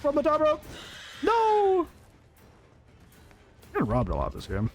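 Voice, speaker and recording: A man's voice: very high-pitched, huge pitch swings, slow pace, soft background music. A man giving casual, jokey commentary while he plays a video game, talking to the players on screen, laughing and swearing often. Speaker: gaming YouTuber. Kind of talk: live gameplay commentary.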